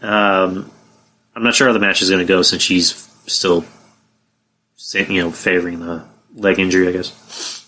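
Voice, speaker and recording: A man's voice: deep voice, level tone, normal speed, pauses often, bright, forceful tone. A man hosting a podcast, giving blunt, profane opinions in a rambling casual way with many fillers. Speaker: podcast host. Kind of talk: casual wrestling commentary.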